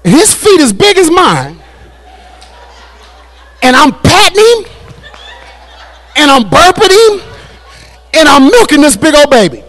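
High-voiced male pastor preaching. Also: sing-song, a little slow, pauses often. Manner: preaching with repetition, building to shouted climaxes. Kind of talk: sermon at a Bible study. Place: church.

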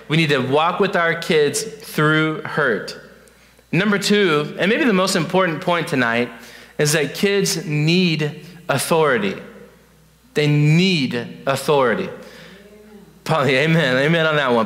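A man delivers an earnest youth pastor's talk, his voice bright and a little higher than most. He stops to repeat his points and fills gaps with "uh". The sound rings with the long reverb of a church sanctuary.

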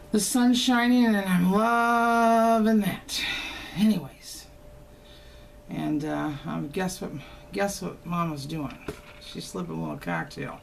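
Chatty grandma with a gravelly voice. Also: female voice, medium pitch, a little hiss or hum. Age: older. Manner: chatty, teasing, folksy. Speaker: haul vlogger. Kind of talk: casual chat to camera. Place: home, indoors.

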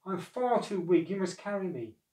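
A man's voice: sits high, big pitch swings, normal speed, mellow, voice pushed up. A man reading a storybook, voicing a sly female cat who coaxes and wheedles. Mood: coaxing. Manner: coaxing and cunning. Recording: echoey room, far from mic.

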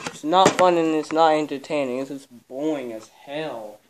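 Young guy cussing and complaining while he cleans his bedroom, clear smooth voice, casual camera vlog. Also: a little high, normal speed. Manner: grumbling, swears a lot. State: out of breath. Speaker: vlogger. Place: cluttered bedroom, indoors.

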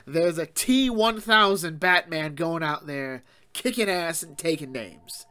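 A man hosting a casual comic book talk show, recapping the story in an animated, rambling way and acting out characters' lines. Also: fairly high pitch, clear, resonant tone. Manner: animated, acts out characters' lines in quick voices; laughs often, rambling with fillers. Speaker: comic book podcast host.

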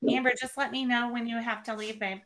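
A woman's voice: a little high, flat delivery, brisk, fairly bright tone. A woman co-hosting a live-stream auction, calling on bidders in friendly, teasing banter.

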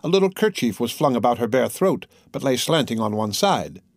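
A man narrating a classic novel in a steady, measured way, his voice sitting at an ordinary middle pitch. The recording is close and very dry, with no room sound. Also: no room sound. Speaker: audiobook narrator.

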